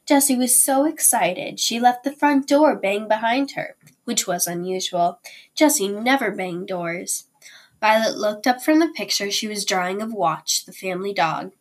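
Brief: woman teacher, read-aloud of a children's chapter book, deliberate pace. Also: medium pitch, lively intonation.

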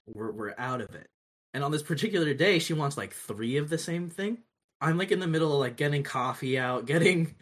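A young man with a slightly husky, somewhat higher voice tells stories in casual chat. He is animated and profane and laughs often between lines. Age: young adult.

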